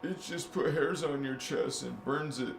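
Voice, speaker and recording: A man's voice: medium pitch, unhurried, vocal fry. A man hosting a spiritual video channel, talking in a casual, joking way with crude slang and laughing at his own jokes. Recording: roomy echo with faint noise.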